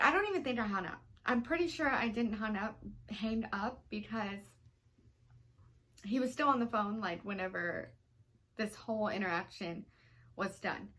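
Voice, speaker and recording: A woman's voice: on the high side, moderate pace, a bit bright. A young woman vlogger telling a personal story in a rambling, emotional way, full of "you know" fillers. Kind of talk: storytime vlog.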